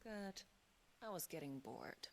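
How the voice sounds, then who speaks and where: A woman's voice: low voice, big pitch swings, takes it slowly, slight background noise, heavily acted. Name: Benedicta. a haughty noblewoman commander. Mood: scornful. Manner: cold, commanding, scornful. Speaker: game character.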